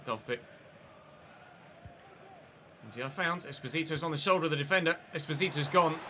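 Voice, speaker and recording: Male streamer, sharp bright tone, slightly raised pitch, faint ambience underneath, calls the play and swears when it goes wrong. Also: moderate pace, slight background noise. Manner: running play-by-play, swearing and frustrated outbursts. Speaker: gaming streamer. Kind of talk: live gameplay commentary.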